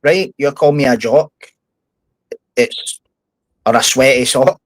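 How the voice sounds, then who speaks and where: A man's voice: medium pitch, slow, no echo, low-quality recording. Scottish man, podcast guest, blunt and fired up, swears a lot, dry close sound. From Scotland. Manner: blunt, heated, swears often. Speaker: podcast guest, former prisoner. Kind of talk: casual podcast chat.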